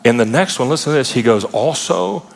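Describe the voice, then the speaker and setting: A man preaching a sermon in a conversational style, breaking into animated asides and playful retellings. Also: mid-range voice, very fast. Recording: long hall reverb.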